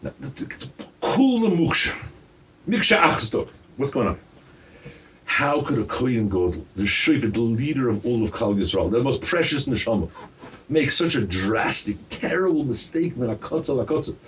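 A man preaching a sermon as a rabbi, animated and firing rhetorical questions at his listeners. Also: medium pitch, normal speed, recorded from a distance.

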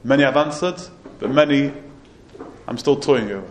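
A man's voice: mid-range voice, moderate pace, a little hiss or hum, close to an everyday voice. A man voicing a proud, rational male Greek philosopher who probes a prophet with skeptical questions, in a roomy recording with faint background ambience.

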